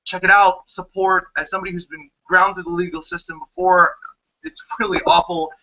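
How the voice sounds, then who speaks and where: A man with a New Jersey accent performs spoken word poetry, his voice high and piercingly bright. His delivery is punchy and sardonic, peppered with profanity. The livestream audio is dull and lo-fi. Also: steady tone, a little fast. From United States. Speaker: poet.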